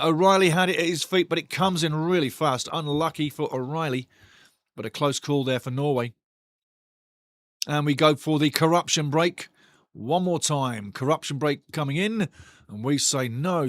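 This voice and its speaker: A man hosting a live football watch-along, calling the play and reading the chat in a blunt, excitable, foul-mouthed way. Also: on the high side, normal speed, dry recording. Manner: bursts louder at big chances.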